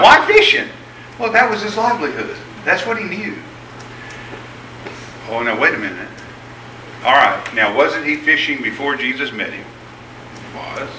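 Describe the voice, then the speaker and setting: Guy preaching, chatty storytelling, bright sharp voice, a bit far off the mic, roomy echo. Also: medium pitch, slight background noise. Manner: conversational, animated storytelling with voiced quotes. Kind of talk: sermon.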